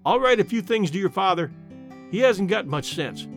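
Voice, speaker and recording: A man doing a blunt, sharp-tongued old aunt. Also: high voice, expressive, moderate pace, vocal fry, soft background music. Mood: blunt, sardonic. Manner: sharp, matter-of-fact, grumbling. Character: blunt, plainspoken elderly aunt, woman.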